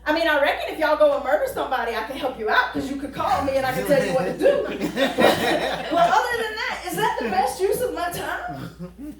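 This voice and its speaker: Woman pastor, high and bright, conversational humorous preaching; roomy echoey hall sound. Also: very animated, moderate pace, crowd noise. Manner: folksy, joking, rhetorical questions. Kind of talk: conversational sermon. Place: church sanctuary. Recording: echoey church hall, distant mic.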